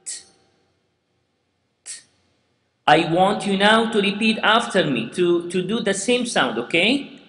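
A man's voice: high-pitched, animated, normal speed, fairly bright tone. A man teaching Quran recitation, patiently repeating sounds and words for students to say after him. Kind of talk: slow step-by-step tajweed lesson with recitation. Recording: echoey room with long reverb.

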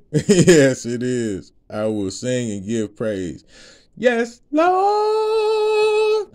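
Man, mellow voice, casual rambling testimony, laughs a lot, slangy, repeats "you know what I'm saying". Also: medium pitch, lively intonation, very slow. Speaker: ministry speaker.

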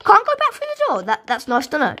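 A British woman giving rambling, excitable let's-play commentary as a gaming YouTuber, talking to her viewers. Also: high-pitched, quick pace, a little hiss or hum.

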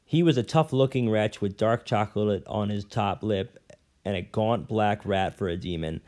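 A man reading a novel aloud at an unhurried pace, now and then stumbling and correcting himself. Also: lowish voice, darkish tone. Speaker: reader.

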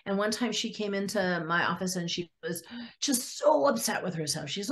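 A woman psychologist, a podcast guest, telling client stories and acting out their words in lively quoted voices. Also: medium pitch, normal speed. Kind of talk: storytelling in a podcast interview.

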